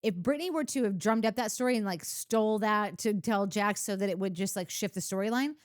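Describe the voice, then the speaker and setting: A woman's voice: mid-range voice, fairly quick, no room sound, studio quality. A woman co-hosting a podcast, insistently arguing her view on a reality show storyline. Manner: insistent, keeps saying "listen" to cut in. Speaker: podcast co-host. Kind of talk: casual reality-TV recap chat.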